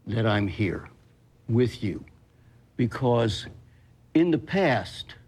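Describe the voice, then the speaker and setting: A man's voice: fairly low pitch, darkish tone, slightly rough. An older man, an actor guest, telling stories in an interview in an emphatic, blunt, salty way. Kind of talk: emotional interview storytelling.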